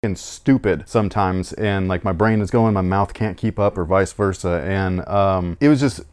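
Male podcast co-host, lowish voice, casual and profane, animated storyteller. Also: moderate pace, clean tone. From Sacramento, California. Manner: animated, profane, self-mocking, rambles with restarts.

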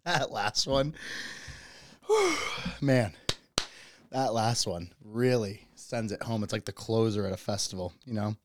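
A man's voice: on the low side, sing-song, slow pace, long pauses. A man hosting a podcast, telling stories in a loose, profane way and often breaking into laughter. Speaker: podcast host. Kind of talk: casual solo podcast monologue.

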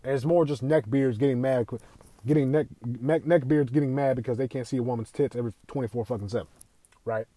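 A man's voice: mid-range voice, brisk, warm tone, dry recording. A young man ranting as a podcast host, swearing constantly, repeating himself and firing rhetorical questions. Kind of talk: profane opinion rant.

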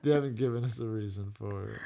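A man's voice: on the low side, fast, gravelly, mellow. Dry-witted man podcast co-host. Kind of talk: casual chat.

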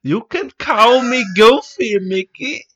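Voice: mid-range voice, animated, a bit bright, pitched above the performer's own voice. A performer voicing a dopey, persistent male cartoon dog who keeps insisting who he is. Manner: slow, goofy and insistent. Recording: dull lo-fi recording.

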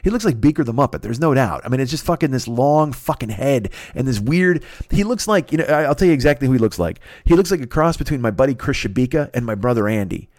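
A man from the Chicago area hosting a podcast alone in his apartment, ranting in a profane, rambling, animated way. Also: medium pitch, fast talker, hardly any pauses, dry recording, studio quality. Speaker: podcast host. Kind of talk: solo comedic rant.

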